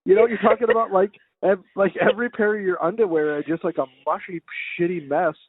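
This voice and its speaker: A man's voice: high voice, steady tone, fast, husky, no echo. A man co-hosting a casual comedy podcast, teasing in a mock-concerned way. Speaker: podcast co-host. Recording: tinny phone line with faint noise.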